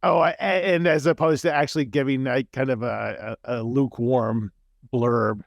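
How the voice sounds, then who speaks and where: A man's voice: mid-range voice, fairly even intonation, normal speed, gravelly, no echo, studio quality. Stammering friendly man hosting an interview. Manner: friendly, stammering restarts, curious questions. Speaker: podcast host and author. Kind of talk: casual interview chat. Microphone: video call.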